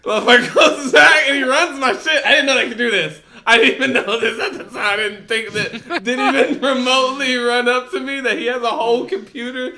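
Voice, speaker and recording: Male podcast co-host, high bright voice, lively laughing storyteller. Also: brisk, hardly any pauses. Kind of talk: casual storytelling chat.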